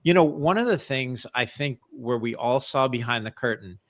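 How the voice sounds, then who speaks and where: A man's voice: medium pitch, expressive, moderate pace. A man on a live panel giving blunt, emphatic commentary, hammering his points home by repeating them. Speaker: panel guest.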